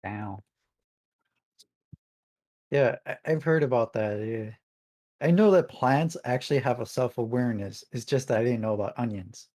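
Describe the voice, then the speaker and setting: A man co-hosting a gaming podcast, relaxed and agreeable, musing in casual chat. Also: mid-range voice, normal speed, long pauses, dry recording. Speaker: podcast co-host.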